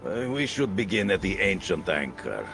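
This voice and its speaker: An actor playing a boastful, forgetful male Nord diplomat in a game, speaking in a halting, broken-English accent. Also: sits low, big pitch swings, vocal fry, over music, heavily acted. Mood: pompous. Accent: broken-English put-on accent. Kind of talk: game voice acting.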